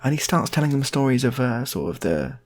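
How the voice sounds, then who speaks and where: A man's voice: mid-range voice, very animated, brisk, a little mellow. A man telling an improvised comic story, chatty and full of rambling asides.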